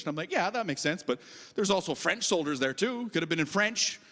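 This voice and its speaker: A man's voice: on the high side, lively intonation, fast, fairly bright tone, long reverb tail. A man from Canada doing live stand-up on a comedy festival stage, telling stories in a chatty way and often asking the crowd "right?".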